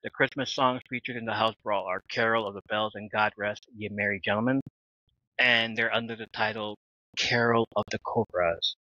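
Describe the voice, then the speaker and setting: A man co-hosting a casual podcast, rambling through a recap with joking asides and plenty of fillers. His voice has a bright, forceful edge. It comes through dry and a bit dull, like a lo-fi home mic. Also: lowish voice, steady tone, normal speed, dry recording. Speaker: podcast co-host. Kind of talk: casual chat recapping a TV episode.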